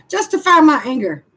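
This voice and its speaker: A woman's voice: sits high, bright, forceful tone, low-quality recording. A woman in her sixties, venting on a live stream. She sighs often and talks to her chat about her frustration. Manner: frustrated, sighing, speaks to chat.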